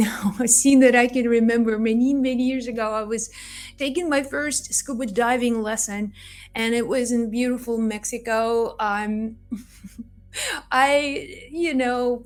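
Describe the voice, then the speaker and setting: A woman giving a spiritual card reading, who tells a personal story in an earnest, reassuring way and repeats phrases often. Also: fairly high pitch. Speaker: tarot card reader.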